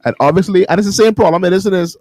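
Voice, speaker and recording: A man's voice: high voice, rapid-fire, darkish tone. A man co-hosting a morning radio talk show, chatting casually and laughing often. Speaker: radio co-host.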